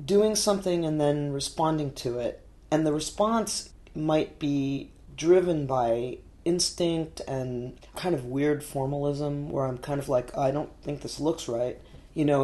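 A woman's voice: sits low, dark tone. A woman artist from New York, telling stories in a casual interview with many fillers and frequent laughs. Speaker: artist guest.

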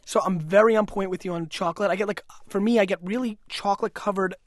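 A man talking as a wine expert guest in a studio interview, energetic, brash and joking. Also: high-pitched, fast, dry recording. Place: broadcast studio.

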